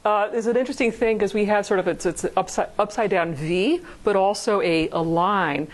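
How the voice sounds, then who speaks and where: Brief: woman, mid-pitched voice, violinist talking through phrasing, sings snippets. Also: rough recording. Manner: quick, sings phrases out loud while explaining. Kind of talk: casual rehearsal discussion.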